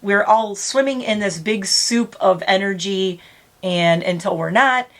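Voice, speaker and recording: A woman's voice: medium pitch, measured pace. A middle-aged woman vlogging casually, rambling and close to tears, laughing through emotion. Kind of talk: emotional casual vlog talk.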